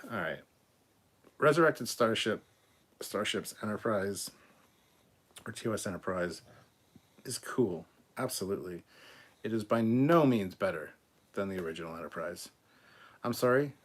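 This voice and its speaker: A man hosting a live stream, reading out viewer comments and giving blunt, opinionated answers, often clearing his throat and stumbling over words. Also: fairly low pitch, animated, a little slow, long pauses. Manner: blunt and opinionated, swears casually. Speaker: host of a live show.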